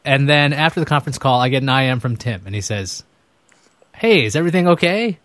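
A male podcast host talks candidly in casual conversation, poking fun at himself and getting animated. His voice sits at a middle pitch and sounds dry and close. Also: quick pace, dry recording. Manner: candid, self-deprecating, animated.

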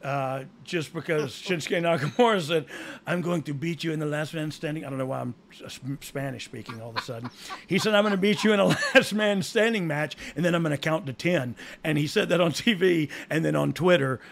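A man with a drawl talks in loose, rambling podcast chat, often restarting his sentences and running himself down. His voice sits fairly high and has a gravelly, fried edge. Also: brisk, a bit bright. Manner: rambling, self-deprecating, drawling, frequent restarts. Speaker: podcast co-host, former wrestling insider. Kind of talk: casual chat.

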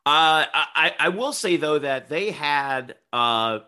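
A man co-hosting a casual sports podcast, talking haltingly with many fillers and restarts. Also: fairly high pitch, expressive, pushed and bright, clean tone.

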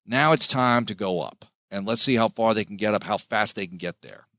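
A man, a sports play-by-play announcer, giving an animated, emphatic interview as a podcast guest. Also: lowish voice, a little fast, no echo.

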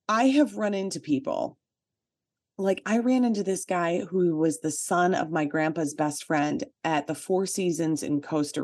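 A woman with a fairly low voice shares a personal story as a podcast co-host. Her talk is chatty and full of "like" fillers, with emphatic asides. The sound is dry and close, with no room echo. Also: darkish tone. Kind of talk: casual chat, personal storytelling.

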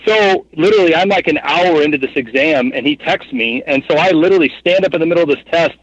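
A man's voice: on the high side, quick pace, no room sound, highs cut off. Rambling chatty man in his thirties. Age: 30s. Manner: rambling, animated, heavy with fillers like "like" and "you know what I mean". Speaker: guest, hunting guide and cameraman. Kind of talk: casual storytelling interview.

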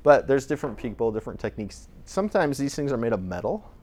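A man's voice: mid-range voice, big pitch swings, fast, a little mellow. A man presenting a casual talk to a small audience, speaking in a chatty, conversational way with frequent restarts. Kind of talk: casual lecture on voice recording.

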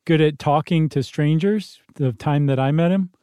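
A man's voice: a little high, normal speed, warm tone, clear, resonant tone, no room sound, studio quality. A man co-hosting a podcast, chatting casually in a playful, joking way. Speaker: podcast co-host. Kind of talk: casual chat.

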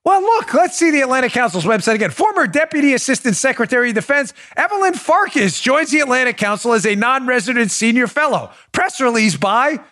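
A sarcastic male podcast host with a fairly high voice that swoops up and down. He sounds incredulous and mocking, and keeps turning to his producer as he goes. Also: sing-song, brisk, few pauses, pushed and bright. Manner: talks to his producer on air. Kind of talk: political commentary.

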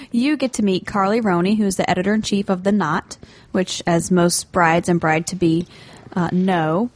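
A woman's voice: lowish voice, no room sound. A woman co-hosting a podcast, chatting casually about events and laughing easily. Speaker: podcast co-host. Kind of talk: casual chat.

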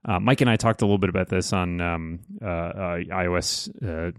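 A man with a low voice talks through his points on a casual podcast panel, measured and explanatory. The recording is dry and close. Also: clear, resonant tone, dry recording.

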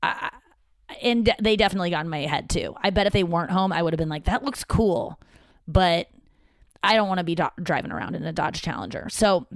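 A woman's voice: on the low side, lively intonation, fairly quick, creaky, no echo, studio quality. A woman comedian telling a rambling, profane story from her home office, acting out what other people said. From St. Louis area. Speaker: stand-up comedian and podcast host. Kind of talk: casual solo storytelling monologue.

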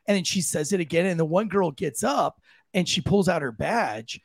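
A man co-hosting a podcast, telling a story in a casual, animated way and jumping into high voices for the people he quotes. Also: moderate pace, gravelly, slightly rough, no room sound. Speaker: podcast co-host.

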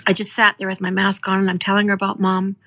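A middle-aged woman from Canada, hosting a podcast and telling a moving story in an earnest, heartfelt way, slowing down for emphasis. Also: mid-range voice, monotone, fairly bright tone. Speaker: podcast host. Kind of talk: emotional storytelling.

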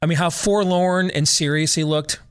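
A man's voice: on the high side, fairly even intonation, moderate pace, clear, resonant tone. A man hosting a podcast, giving sarcastic, opinionated commentary with mocking repetition. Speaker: podcast host.

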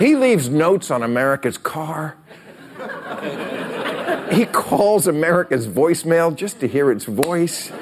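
A man's voice: fairly high pitch, very animated, measured pace, pauses often. A man hosting a late-night show, delivering a punchy comic monologue and laughing at his own jokes, in a television studio with a live audience. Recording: studio audience and room noise.

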